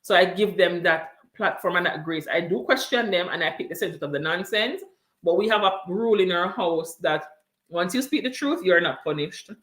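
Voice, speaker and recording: A woman with a fairly low voice talks in an earnest, emphatic way and circles back to the same points for weight. The sound is roomy and echoey, as if recorded in a room at home for a livestream. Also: normal speed, fairly bright tone. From came to Canada from abroad. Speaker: parent sharing experiences on a livestream. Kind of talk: casual chat.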